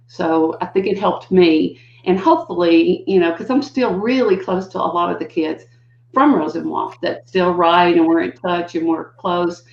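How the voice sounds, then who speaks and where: Telling stories conversationally, this older woman, a guest educator, has vocal fry and a lively manner, performing quoted lines with sharp pitch leaps. The recording sounds dull, lo-fi and roomy.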